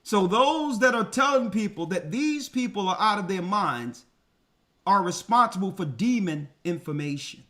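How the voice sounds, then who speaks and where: A man's voice: sits high, animated, normal speed, bright, forceful tone. A man, a church elder, hosting a commentary show and preaching emphatically to his co-host. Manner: emphatic, addresses co-host directly.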